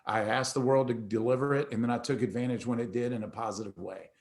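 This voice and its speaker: Middle-aged man, host, casual motivational storytelling, lively delivery, plays out the dialogue, mid-pitched voice. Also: fast talker. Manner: animated storyteller who acts out dialogue; casual, conversational, with restarts.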